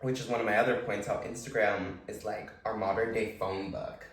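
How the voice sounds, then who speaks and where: A man co-hosting a casual podcast, talking in a gushing, animated way and leaning heavily on "like.". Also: on the low side, fairly quick, recorded from a distance. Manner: gushing, animated, heavy "like" filler. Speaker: podcast co-host. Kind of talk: casual chat. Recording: roomy echo, away from mic.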